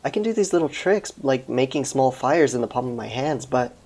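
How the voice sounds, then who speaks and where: A man voicing a relaxed young female fire goddess in a game, in a near-everyday voice. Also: medium pitch, a little fast.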